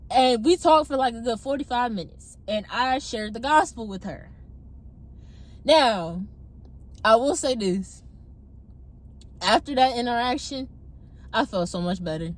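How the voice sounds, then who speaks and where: Young woman in her car telling a story, kinda high voice, laughing a lot, super animated. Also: slow, long pauses. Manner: animated, laughs often, voices her own past outbursts. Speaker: testimony vlogger. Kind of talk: casual storytelling. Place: parked car.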